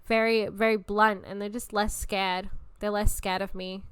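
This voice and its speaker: A woman in her twenties hosts a podcast, chatting casually in a blunt, animated way and swearing freely. Her medium-pitched voice moves at a moderate pace with hardly any pauses, and the sound is clean, with no room sound.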